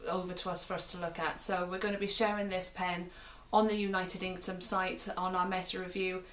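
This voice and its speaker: Hosting a pen review show, a woman from the United Kingdom describes the pen in a chatty, casual style, repeating herself and restarting phrases often. Her voice is lowish, and the recording has a little hiss or hum.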